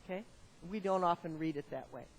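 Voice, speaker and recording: A woman's voice: lowish voice, a little fast. A woman preaching a conversational sermon, asking the congregation questions. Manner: lively, conversational, asks the audience questions.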